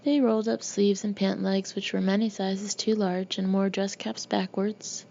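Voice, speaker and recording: A woman narrating an audiobook in a steady, even reading voice. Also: medium pitch, moderate pace, gravelly. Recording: dull lo-fi recording with faint hiss.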